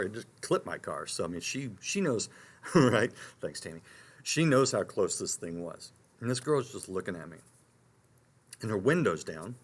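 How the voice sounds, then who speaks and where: Lively storytelling man, low voice. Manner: animated storyteller, frequent restarts and asides. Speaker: talk show host. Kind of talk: storytelling on a live talk show.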